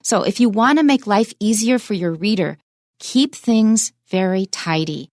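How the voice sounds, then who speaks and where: Woman, English teacher, radio lesson, clear explanations, mixes English and Mandarin, dry close mic. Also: medium pitch, measured pace, darkish tone, no echo.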